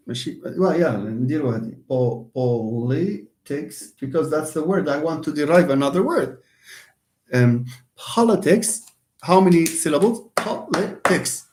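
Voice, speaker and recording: Lecturing to a university class, a male English teacher with a Moroccan accent speaks in a high-leaning, slightly mellow voice. He is animated and a little fast, but leaves long pauses, and he repeats key words for emphasis while slipping into Arabic and French.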